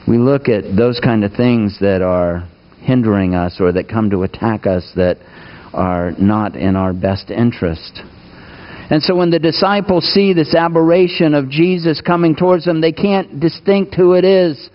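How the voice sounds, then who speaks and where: A man preaching a sermon, asking his listeners questions and moving between raised, urgent lines and hushed asides. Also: medium pitch, unhurried, lo-fi sound. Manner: asks the congregation questions, swings between raised and hushed delivery. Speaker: pastor.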